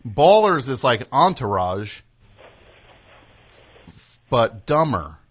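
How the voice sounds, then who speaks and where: A man's voice: medium pitch, sing-song, very slow, slightly rough. A man hosting a talk show, rambling and riffing with sarcastic humor in casual banter. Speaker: radio show host.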